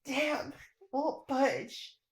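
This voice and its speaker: A woman's voice: high-pitched, drawn-out words, roomy sound, low-quality recording. A woman voicing a brave, stubborn young boy who talks in a blunt, urgent way.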